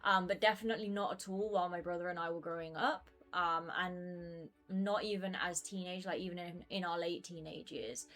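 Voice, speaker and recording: A woman's voice: on the low side, fairly even intonation, normal speed, hardly any pauses, a bit bright. A woman in her twenties chatting casually while streaming a game, rambling with many fillers. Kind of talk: casual gaming stream chat.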